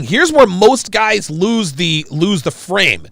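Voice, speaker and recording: Animated, profane man hosting a stream. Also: high-pitched, measured pace, creaky, few pauses, no room sound. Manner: animated, profane, talks to viewers as "dude". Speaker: livestream host reacting to a video. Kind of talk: casual reaction commentary.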